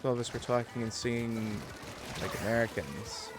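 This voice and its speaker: A man's voice: mid-range voice, steady tone, normal speed, noisy background. A man chatting casually with his stream viewers, rambling and thinking aloud as he plays. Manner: chatty, digressive, muses about pronunciation. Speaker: livestream gamer.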